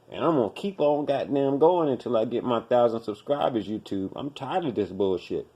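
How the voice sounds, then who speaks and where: A man's voice: mid-range voice, mellow. Scolding, profane man ranting on a podcast. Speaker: podcast host. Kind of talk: profane commentary rant.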